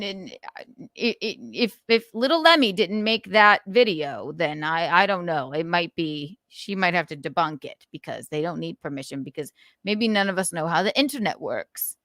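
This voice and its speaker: Lively sarcastic woman streamer. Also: fairly low pitch, moderate pace, no echo, studio quality. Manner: animated, sarcastic, laughing often, reading chat aloud. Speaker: livestream host. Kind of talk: casual livestream chat.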